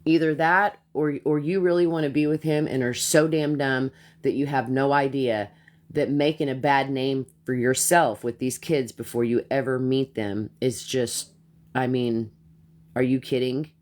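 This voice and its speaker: A woman's voice: very deep voice, steady tone, measured pace, darkish tone. A woman streaming a heated live rant, blunt and profane, who repeats herself as she gets worked up.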